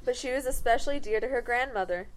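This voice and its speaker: A woman's voice: on the high side, fast talker, slight background noise, rough recording. A woman narrating a comic fairy tale in a wry tone, correcting herself and the cast along the way.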